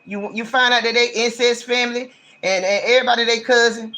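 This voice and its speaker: A man's voice: high voice, fairly quick, hardly any pauses, bright, forceful tone, a little hiss or hum. A man giving a casual livestream tarot reading, talking in a blunt, slangy, ranting way. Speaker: tarot reader.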